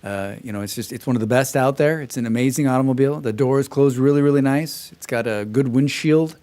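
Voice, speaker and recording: A man doing a corny, smooth-talking car salesman who hurries through his pitch. The voice sits at an ordinary middle pitch and keeps piling on praise. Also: brisk, warm tone, close to an everyday voice. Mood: pushy, salesy. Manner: pushy, over-the-top sales pitch.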